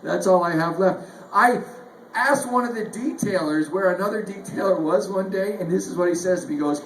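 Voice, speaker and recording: A man's voice: high voice, a little fast. A man from Northern Ireland doing a stand-up set on a club stage, chuckling through his lines and acting out his stories. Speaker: stand-up comedian. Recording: echoey club, faint noise.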